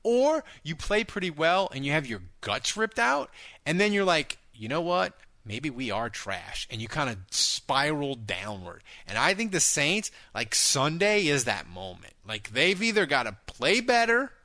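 A man hosting a casual sports talk show, animated and quick with asides, often repeating words as he thinks. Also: fairly high pitch, no room sound. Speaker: podcast host.

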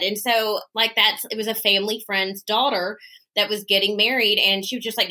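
Animated woman telling a story. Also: a little high, brisk. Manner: animated, acts out quoted dialogue. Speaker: podcast guest, florist business owner. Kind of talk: casual storytelling interview.

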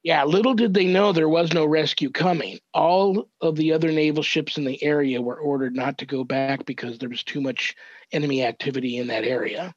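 An older man, a reverend, earnestly recounting a family story as a podcast guest, measured and thoughtful with small restarts. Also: fairly high pitch, no room sound. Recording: dull, dry lo-fi audio.

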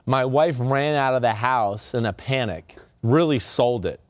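Relaxed American man chatting on a podcast. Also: mid-range voice, a little slow, no room sound, studio quality. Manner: relaxed storyteller, plugs his social media. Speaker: podcast co-host. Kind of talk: casual sports podcast chat.

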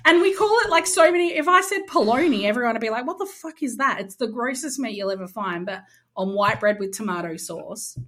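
A woman's voice: on the high side, lively intonation, fairly quick, a bit bright. A woman with an Australian accent, co-hosting a casual podcast, rambling and searching for words with many fillers. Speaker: podcast co-host, nurse. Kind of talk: casual chat.

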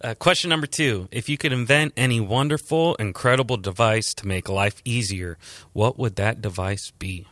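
A man's voice: lowish voice, moderate pace, fairly bright tone, no echo, clean studio sound. A man co-hosting a podcast, reading out short, light questions. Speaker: podcast co-host. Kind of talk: casual interview chat.

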